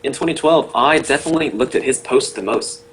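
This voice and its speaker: A man's voice: medium pitch, a little fast, slight background noise, low-quality recording. A man co-hosting a casual webcast over a call. He rambles with lots of fillers and laughs easily. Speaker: webcast co-host.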